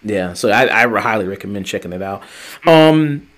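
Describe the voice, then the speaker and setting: A man co-hosting a casual review podcast, rambling and excitable, swearing casually. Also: fairly low pitch, moderate pace. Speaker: podcast co-host.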